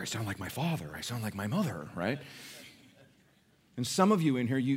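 A middle-aged man preaching a sermon to a congregation as their pastor. He calls for responses from the room and swings between quiet asides and loud, raised declarations. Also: on the low side. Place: church service.

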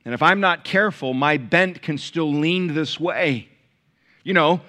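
A male pastor preaching a sermon to a large church, swinging from loud emphatic peaks to quiet, hushed lines. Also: a little high, measured pace. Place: large church with balcony, live congregation.

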